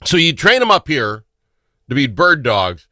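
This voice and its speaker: A chatty male radio host who laughs easily. His pitch swings widely and his voice is bright. The sound is dry and close, as in a studio booth. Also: big pitch swings, a little slow, dry recording. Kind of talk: casual radio interview chat.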